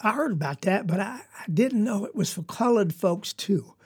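Woman doing an old southern sharecropper, humble, hesitant, husky and low. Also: expressive, normal speed, a little mellow. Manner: hesitant, apologetic. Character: weary older Southern sharecropper man, humble.

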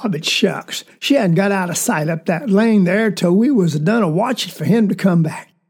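A woman's voice: medium pitch, moderate pace, a little mellow, breathy edge. A woman with a Southern accent performing a dramatic monologue as a child, telling a tale in a folksy drawl. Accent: Southern American. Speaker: storyteller.

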